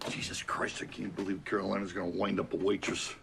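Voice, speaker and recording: An actor playing a gruff, blunt, middle-aged working-class father in a film drama. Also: sits low, background noise.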